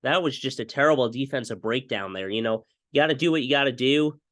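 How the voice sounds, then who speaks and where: A young man talking through football highlights in a casual play-by-play style, often breaking into excited broadcast-style calls. His voice sits in a middle range. He is recorded dry and close on a desktop mic. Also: quick pace, dry recording. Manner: excitable, mimics broadcast calls, repeats stock phrases. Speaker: fan video commentator.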